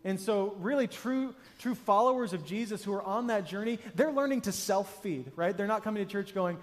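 A man's voice: high voice, normal speed, few pauses, big-room sound. A man preaching a sermon as pastor, conversational and emphatic, acting out the people he quotes. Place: church auditorium.

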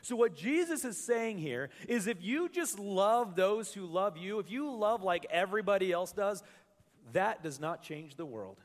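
His voice sits high and is expressive and unhurried as he preaches to the congregation. The pastor jokes and chats, often restarting what he's saying, in a reverberant church hall full of live listeners.

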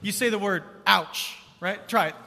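A man preaching to a large congregation in a casual, energetic way, with a high, bright voice. His words ring out with a long church-hall reverb trailing after them. He keeps prompting the crowd to answer back. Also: a little fast, slight background noise. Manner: energetic, conversational, calls for crowd response. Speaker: pastor. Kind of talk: sermon.

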